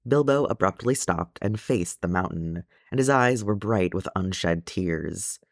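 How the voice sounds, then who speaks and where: A man narrating a fan fiction audiobook in a measured, gentle storytelling way. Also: deep voice, animated, vocal fry, no echo, clean studio sound. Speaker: audiobook reader.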